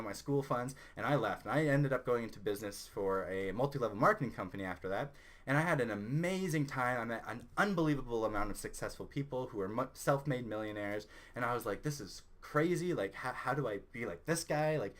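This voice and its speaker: Young man, Canadian accent, casual vlog storytelling, animated, mid-range voice. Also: medium pitch. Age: young adult. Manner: animated, excitable storyteller who rises loud when indignant. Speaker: channel host.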